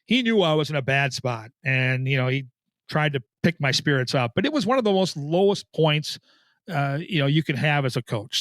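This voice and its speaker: A middle-aged man with a slightly higher voice tells stories from his coaching past. He is animated and pokes fun at himself as he talks. The sound is close and dry, with no room echo. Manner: animated, self-deprecating anecdotes. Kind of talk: conversational storytelling.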